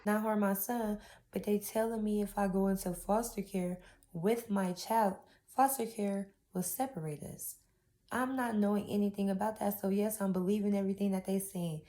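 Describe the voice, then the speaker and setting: A woman's voice: mid-range voice, fairly even intonation, moderate pace, mellow. A young woman, telling her own painful story in a raw, heartfelt testimony. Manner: raw, heartfelt, with Southern-style casual grammar. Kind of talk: emotional personal testimony.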